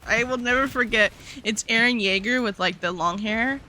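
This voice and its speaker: A woman's voice: fairly high pitch, moderate pace, pushed and bright, a little hiss or hum. A young woman streamer chatting casually, filling her talk with "like" and swearing freely. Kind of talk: casual livestream chat.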